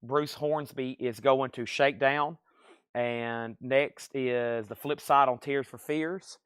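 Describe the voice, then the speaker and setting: A man running a live record sale stream, rattling off titles, buyers and prices in a brisk, upbeat patter, with a noticeable accent of his own. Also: medium pitch, steady tone, fairly bright tone, smooth, dry recording. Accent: regional accent he mentions himself. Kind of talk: live sales stream, reading out items and buyers.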